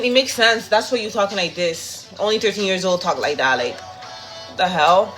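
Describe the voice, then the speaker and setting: A woman's voice: medium pitch, normal speed. A woman chatting casually on a livestream while she cooks, blunt and profane, talking straight to her viewers on a phone. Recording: echoey room with loud music behind.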